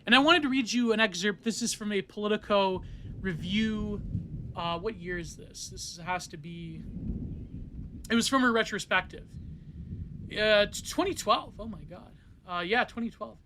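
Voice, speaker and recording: The solo podcast host has a high, sharp voice at a moderate pace, with a little hiss or hum in the audio. His talk on art theory rambles and digresses, full of fillers, restarts and self-corrections.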